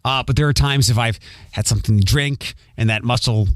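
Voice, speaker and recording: A man's voice: medium pitch, brisk, no room sound. A man hosting a podcast, chatting in a rambling, self-aware way with a faint Philadelphia accent. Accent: Philadelphia, mostly trained out. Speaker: podcast host. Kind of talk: casual podcast monologue.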